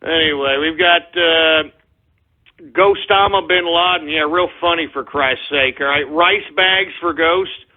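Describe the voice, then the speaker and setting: A man hosting an internet radio talk show, ranting and cursing at trolls and breaking into shouts. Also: on the high side, unhurried. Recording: tinny phone-like lo-fi audio.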